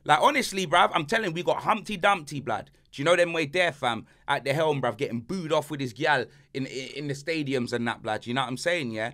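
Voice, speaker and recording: A man's voice: fairly high pitch, brisk, hardly any pauses, fairly bright tone. A man hosting a casual banter podcast, ranting animatedly in heavy slang. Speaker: podcast host.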